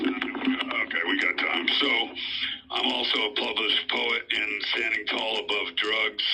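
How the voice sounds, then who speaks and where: A man's voice: fairly low pitch, bright, forceful tone, slightly rough, poor audio. A middle-aged man giving a rambling, earnest account of his own legal case, full of hesitations and fillers. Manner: earnest, pleading. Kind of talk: unscripted personal account.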